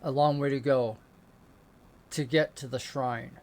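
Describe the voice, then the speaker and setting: A man's voice: mid-range voice, fairly even intonation, unhurried, darkish tone, lightly acted. A man voicing a scornful old male wizard with a walking stick, scoffing and dismissive.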